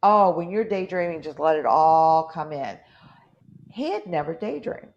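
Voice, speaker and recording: A woman with a low, gravelly voice chats casually as a podcast host, rambling through anecdotes and acting out the quotes. The audio is muffled and lo-fi. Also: expressive, measured pace. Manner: rambling, storytelling with acted-out quotes. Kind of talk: casual chat.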